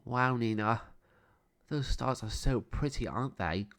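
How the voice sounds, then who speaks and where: A warm, friendly young man with an easygoing way of talking, as a storyteller plays him. His voice stays at a middle pitch and sounds natural and unforced. He speaks kindly and caringly in a storybook reading. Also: measured pace. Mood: gentle.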